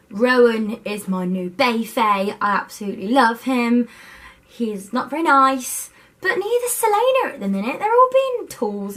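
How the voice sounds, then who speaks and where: Young woman, slightly high voice, excitable book-vlog chatter to camera. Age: young adult. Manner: bubbly and overexcited. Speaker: book vlogger. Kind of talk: casual chat to camera. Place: student bedroom at her university home. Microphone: camera set up by herself.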